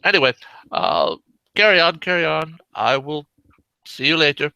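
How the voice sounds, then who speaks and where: A man's voice: on the high side, animated, normal speed, creaky, bright, forceful tone, clear, resonant tone, no echo, voice pushed up, heavily acted. A man voicing the courteous male leader of an underground brotherhood, speaking formally and unhurriedly.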